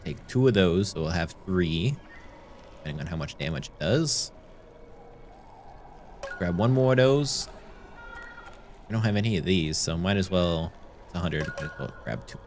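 A man's voice: low-pitched, animated, normal speed, long pauses, a little hiss or hum. A man streaming a video game, chatting playfully and reading the game's lines aloud. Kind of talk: let's play commentary. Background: game music.

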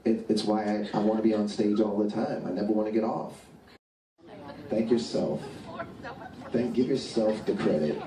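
A man's voice: lowish voice, normal speed, long pauses, warm tone. A man giving a rambling motivational talk to a live audience, often repeating his words. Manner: rambling, repeats words, laughs at own stories. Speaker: speaker addressing fans on stage. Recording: echoey and distant with faint noise.

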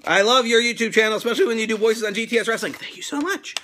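A middle-aged man hosting a toy fan mail unboxing, loud and excitable, joking crudely and breaking into sudden high squeals. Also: rapid-fire, a little hiss or hum. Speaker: toy channel host.

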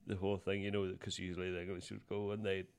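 A man's voice: deep voice, monotone, quick pace, clear, resonant tone. A man from Scotland, a podcast guest, rambling through a story while searching for his words. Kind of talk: casual chat.

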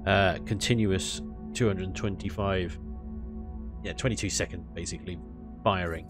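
A man giving casual, animated commentary on his gameplay, ranting and laughing with mild swearing. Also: sits low, normal speed, music in the background. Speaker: gaming YouTuber.

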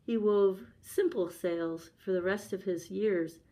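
A woman telling a storybook tale aloud for a library, calm and measured. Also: mid-range voice, low-quality recording.

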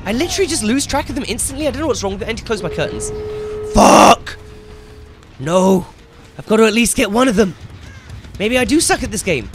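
A young man commentating his own gameplay as he plays, excitable and swearing loudly whenever things go wrong. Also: high voice, brisk, pauses often, a little hiss or hum. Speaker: gaming YouTuber.

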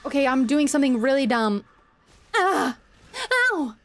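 A woman's voice: high-pitched, very animated, measured pace, long pauses, a little hiss or hum. A woman streaming a game live, reacting playfully, swearing and laughing as she talks to her chat. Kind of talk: live gameplay commentary.

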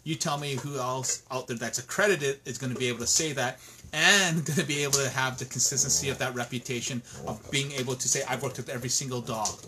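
A man's voice: medium pitch, brisk, bright, forceful tone, slight background noise. A man, a dog trainer, talking in an interview, frustrated and indignant, with frequent restarts and repeated words. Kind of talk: emphatic interview talk.

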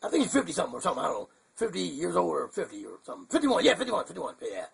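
A man's voice: fairly high pitch, wildly swooping pitch, very fast, gravelly, slightly rough, voice pushed down, exaggerated voice. A man voicing a goofy, confused male bird puppet who rambles in a muddled, chuckling way on a puppet comedy show. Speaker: hand puppet co-host.

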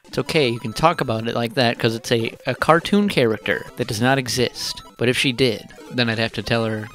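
A man's voice: mid-range voice, expressive, fairly quick, few pauses, fairly bright tone, soft background music. A man hosting a let's play, rambling casually with lots of swearing and frustration at the game. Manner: profane, frustrated, self-deprecating rambling. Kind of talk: casual gaming commentary.

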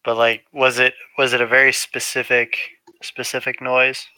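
A man's voice: mid-range voice, completely flat delivery, normal speed, pushed and bright. A man at a tabletop game asking hesitant questions in casual chat. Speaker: player.

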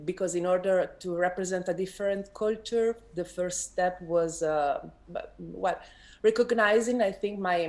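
Soft-spoken, slow woman illustrator. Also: fairly low pitch. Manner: soft-spoken, halting, many fillers. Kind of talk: panel discussion. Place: event hall.

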